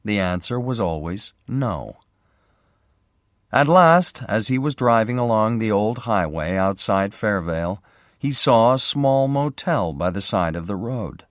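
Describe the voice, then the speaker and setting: A man narrating a graded reader story in a clear, measured way. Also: fairly low pitch, animated, no echo, clean studio sound. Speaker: audiobook narrator.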